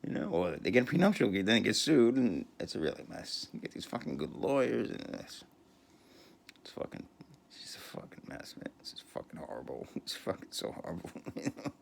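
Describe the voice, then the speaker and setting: A man's voice: mid-range voice, big pitch swings, brisk, gravelly, a little hiss or hum. A man, rambling through a crude comic monologue full of swearing and laughter. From New York, USA. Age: 50s. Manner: profane, laughing, rambling storyteller.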